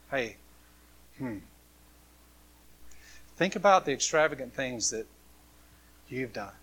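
A man preaching a sermon, swinging from loud, impassioned passages to hushed ones. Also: medium pitch, lively intonation, unhurried, long pauses, slightly rough. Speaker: pastor.

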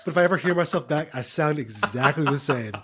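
A man's voice: a little high, expressive, fast, pushed and bright, husky. A man co-hosting a podcast in casual conversation, loose and rambling, full of "you know" and "I mean" asides. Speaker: podcast co-host, improv performer.

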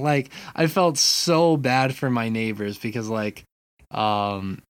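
A man co-hosting a casual gaming podcast from his apartment, telling stories with lively swearing and restarts. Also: mid-range voice, measured pace, dry recording. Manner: animated storytelling, frequent swearing. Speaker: podcast co-host. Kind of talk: casual chat.

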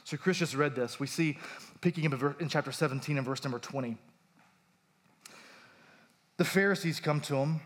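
A man in his thirties delivers a sermon as a pastor, telling personal stories before turning to scripture. His voice sits a little high, and he talks casually but pushes up on the lines he stresses. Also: moderate pace, pauses often. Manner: conversational storytelling, emphatic rises.

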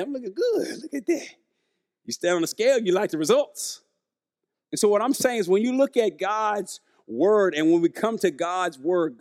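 A man's voice: high-pitched, darkish tone. A male preacher, delivering a conversational sermon who keeps asking the congregation questions and acting out the quotes.

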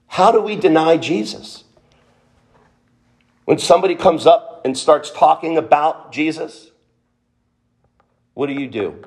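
A man's voice: mid-range voice, darkish tone. A man preaching a sermon, emphatic, asking the listeners questions and acting out quotes.

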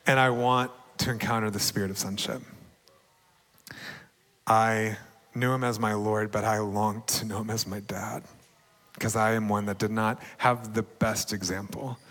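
Earnest young male preacher, warm testimony with frequent light laughs, long hall reverb. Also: lowish voice, a little slow, pauses often. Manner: earnest, laughs often, bursts into excited shouting. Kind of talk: sermon testimony.

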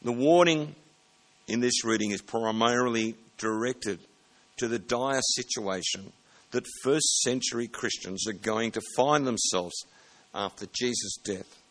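A man preaching a sermon in a plain, conversational way, sometimes stopping to correct himself. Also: lowish voice. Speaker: pastor.

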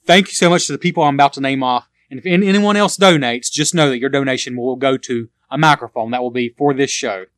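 A man's voice: medium pitch, fast talker, hardly any pauses, a bit bright, no echo, clean studio sound. A man co-hosting a podcast, chatting casually and rambling with self-deprecating humor. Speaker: podcast co-host. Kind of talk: casual chat.

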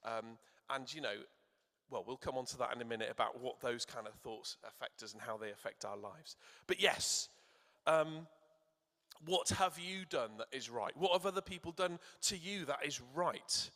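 A man preaching in a church, warmly encouraging and asking the children to call out answers. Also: mid-range voice, moderate pace, big-room sound. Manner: encouraging, asks the audience to shout answers. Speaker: church speaker. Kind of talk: sermon with questions to children.

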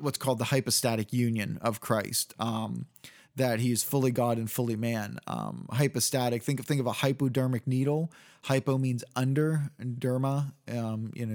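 Man lecturing, halting and explanatory. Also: medium pitch, a little mellow. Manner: explanatory, full of fillers and restarts, checks in with "okay?". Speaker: teacher of church history. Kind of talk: unscripted lecture.

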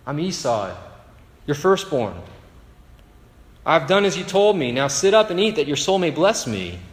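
Sly younger son, eager pitch, echoey hall, voiced by a male preacher. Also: sing-song, unhurried. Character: deceitful younger son posing as his brother.

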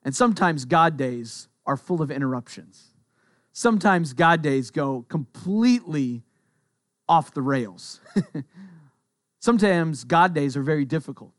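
Middle-aged pastor preaching, higher voice. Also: male voice, lively intonation, unhurried, dry recording, clean studio sound. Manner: conversational preaching, repeats key phrases. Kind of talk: sermon.

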